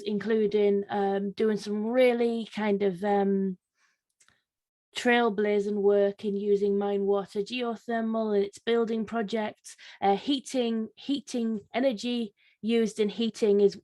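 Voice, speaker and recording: A woman's voice: mid-range voice, a little mellow. A woman speaking as a guest on a political panel, hesitant with many fillers and restarts. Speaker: panel guest, Labour councillor. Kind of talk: casual panel discussion.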